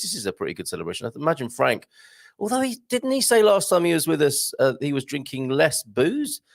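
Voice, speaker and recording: A man hosts a live morning show, chatting casually and joking as he reads out viewer comments. His mid-range voice is creaky, and the sound is clean studio audio with no echo.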